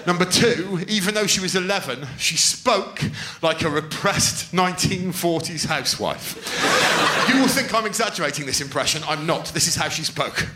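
A middle-aged man telling stand-up stories, sweary and animated, often laughing. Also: on the high side, normal speed, echoey room, very noisy. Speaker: stand-up comedian. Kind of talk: stand-up storytelling.

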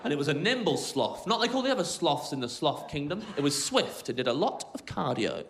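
A man's voice: fairly high pitch, very animated, a little fast, heavy background noise. A man doing stand-up comedy, telling an absurd rambling story in a sardonic manner. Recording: roomy club sound with loud crowd.

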